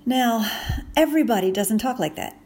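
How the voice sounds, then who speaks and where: A woman host talking casually as she teaches, chatty and quick to laugh, acting out example phrases as she goes. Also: a little high, animated, a little mellow. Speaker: podcast host.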